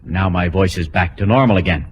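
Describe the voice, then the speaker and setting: Low-voiced male science demonstrator. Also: fairly quick, highs cut off. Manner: explanatory showman patter. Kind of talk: live demonstration. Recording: slightly noisy live recording.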